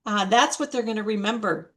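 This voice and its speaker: A woman speaking as a coach on a video call, giving a motivational talk on public speaking in a deliberate, emphatic way. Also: mid-range voice, fairly bright tone. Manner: slow, deliberate, emphatic delivery. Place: online video meeting.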